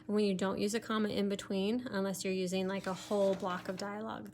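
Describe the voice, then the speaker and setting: Woman, teacher, recorded remote lesson, step-by-step explaining, lots of fillers, mid-pitched voice. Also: level tone, a little fast, a little mellow, slight background noise.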